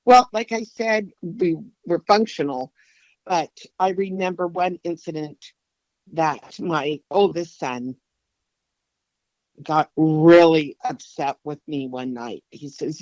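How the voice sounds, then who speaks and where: A middle-aged woman answering interview questions candidly, reflective and halting, with frequent restarts. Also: deep voice, darkish tone, no echo, highs cut off. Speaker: guest sharing her testimony.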